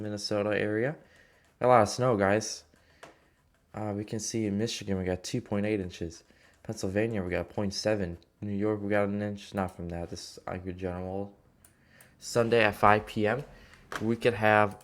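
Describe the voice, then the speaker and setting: A man casually talking through weather forecast maps, rambling with many fillers and restarts. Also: fairly low pitch. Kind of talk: casual weather map walkthrough.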